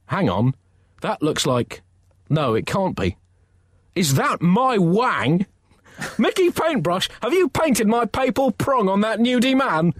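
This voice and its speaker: Brief: shrill blustering old Pope, put on by a man, dry close sound. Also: sing-song, takes it slowly, long pauses, dry recording. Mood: exasperated. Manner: shouting, outraged, high-pitched. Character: pompous, exasperated old male Pope.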